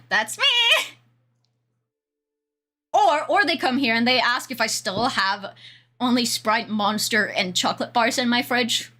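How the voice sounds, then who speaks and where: A woman's voice: medium pitch, slow, bright, forceful tone. A young woman with a Swedish accent chatting casually on a livestream, rambling and laughing often. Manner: giggly, rambling, frequent laughter. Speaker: streamer.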